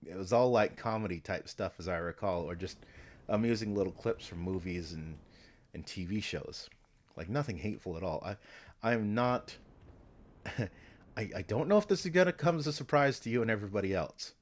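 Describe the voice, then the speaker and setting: Man, streamer, lowish voice, meandering casual talk, frequent swearing, restarts. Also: normal speed.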